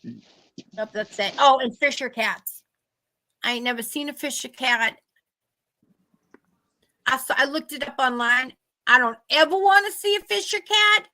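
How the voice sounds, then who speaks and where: High, bright-voiced chatty woman. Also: measured pace, pauses often. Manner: animated, laughing storyteller acting out quotes. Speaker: host. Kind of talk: casual storytelling chat.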